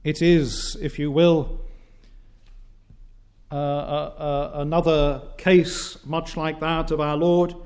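A man preaching a sermon in a measured, declamatory way, with frequent "uh" pauses between phrases. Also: a little high, level tone, darkish tone.

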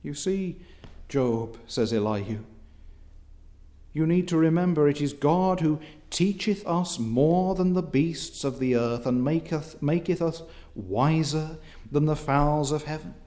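A man delivers an expository sermon in a formal, measured manner, reading from scripture and gaining force as his passion rises. His voice sits a little high and sounds mellow.

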